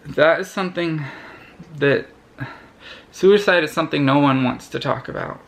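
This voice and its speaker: A young man vlogger telling a personal story to camera in an earnest, halting way, often restarting his sentences. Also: on the high side, creaky, a bit bright.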